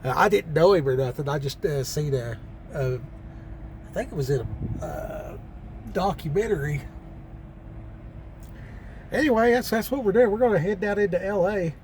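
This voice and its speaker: A man with a slightly high voice tells loose, folksy stories in a country drawl, stopping and restarting as he goes. He talks from his truck cab on a mountain pass. A faint hum of vehicles and open air sits behind him. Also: lively intonation, normal speed, pauses often, a little mellow. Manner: rambling, folksy, with many fillers and restarts. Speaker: truck driver vlogger. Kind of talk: casual storytelling vlog.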